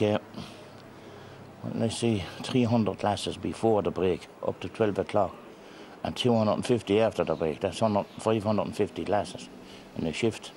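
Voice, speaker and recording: A man's voice: fairly low pitch, warm tone, slight background noise. An older man with a Waterford Irish accent, a retired factory worker, chatting in an interview in a broad storytelling manner.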